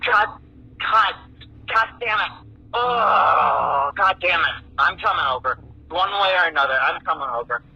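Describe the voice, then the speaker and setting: A man's voice: a little high, lively intonation, a little slow, gravelly, slightly rough, muffled recording, full character voice. A man playing an obsessive lovesick man who rambles and swears through frantic voicemails. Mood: agitated. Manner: rambling, swearing, swings between pleading and unhinged. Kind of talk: played voicemail recording.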